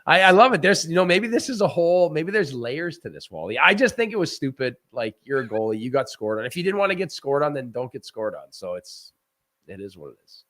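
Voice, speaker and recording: Animated rambling ex-goalie man. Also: fairly high pitch, fairly quick. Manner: animated, rambling with restarts and laughs. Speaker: former goaltender, guest analyst. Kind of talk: casual post-game chat.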